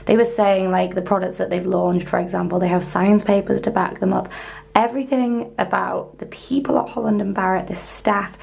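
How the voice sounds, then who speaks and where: Gushing woman vlogger with a gravelly voice. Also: medium pitch, moderate pace. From northern England. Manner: gushing, excitable, with soft whispered asides. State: voice going hoarse. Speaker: lifestyle vlogger. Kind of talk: casual vlog chat. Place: hotel room, indoors.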